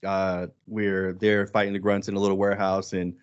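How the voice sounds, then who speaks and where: A man co-hosting a podcast in casual chat, animated and quick to act out quoted lines. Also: low-pitched, clean tone, muffled recording. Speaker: podcast co-host.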